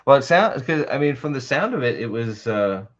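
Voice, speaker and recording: A man's voice: mid-range voice, big pitch swings, moderate pace, a bit bright, lo-fi sound. A man hosting a livestream in casual chat, rambling and swearing heavily, often restarting his sentences. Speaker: livestream host.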